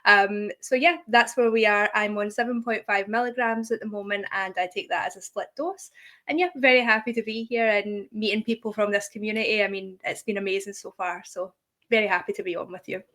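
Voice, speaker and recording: A woman's voice: mid-range voice, fairly even intonation, brisk, fairly bright tone. A young woman, a guest creator in a casual interview, friendly and laughing often as she explains. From United Kingdom.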